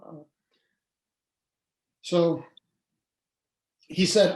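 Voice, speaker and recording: A man's voice: fairly high pitch, fairly even intonation, extremely slow, long pauses, a little mellow. Older man telling a story, echoey room. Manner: conversational, many fillers and restarts. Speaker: interview guest. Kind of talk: casual storytelling interview.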